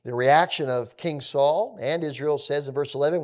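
A man teaching through a scripture passage in a conversational way, with relaxed asides. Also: fairly high pitch, moderate pace, hardly any pauses.

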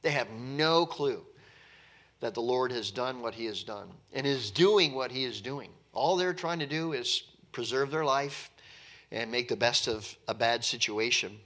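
A man's voice: medium pitch, measured pace, a bit bright. A man teaching from the Bible verse by verse, reading scripture aloud and then explaining it in plain, conversational talk. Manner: acts out the characters' speech in a conversational way.

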